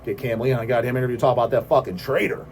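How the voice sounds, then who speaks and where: A man hosting a metal vlog, ranting in a rambling, heavily profane monologue that now and then bursts into shouts. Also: mid-range voice, fairly even intonation, very fast, a little hiss or hum. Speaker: host of a metal vlog channel.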